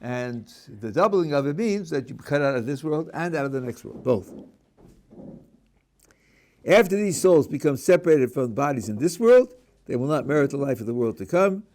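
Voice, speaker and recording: Animated rabbi lecturing on a text. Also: male voice, fairly high pitch, normal speed. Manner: animated, reads a passage aloud then explains it, with many restarts. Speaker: rabbi teaching a class.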